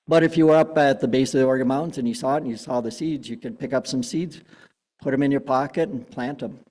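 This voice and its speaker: A man talks through slides of plants in a loose, chatty way, stumbling over words and filling pauses with ums. His voice sits at an ordinary middle pitch. A long reverb from a large hall trails after his words. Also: a little mellow. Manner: casual, chatty, many fillers and restarts. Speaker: plant talk presenter. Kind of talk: public gardening talk with slides.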